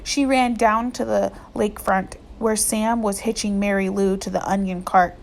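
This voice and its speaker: A woman reading a novel aloud in steady storytelling narration. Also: mid-range voice, moderate pace, creaky, a little hiss or hum. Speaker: audiobook reader.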